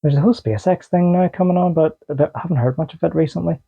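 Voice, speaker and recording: A man's voice: fairly high pitch, quick pace, creaky, husky. A man co-hosting a casual podcast, telling loose stories and laughing easily. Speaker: podcast co-host. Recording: dull lo-fi podcast audio.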